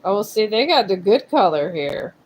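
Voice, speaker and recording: This tarot reader hosts a livestream from a streaming setup, his high voice very animated at a moderate pace. He rambles casually, drifting between topics, and the audio quality is poor.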